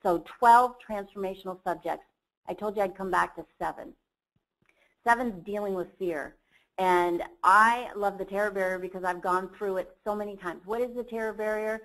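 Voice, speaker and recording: A woman's voice: mid-range voice, fairly even intonation, normal speed, a bit bright, poor audio. A woman who is a company chief executive, giving a motivational seminar talk and telling a personal story in an earnest way. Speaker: company CEO presenting a training program.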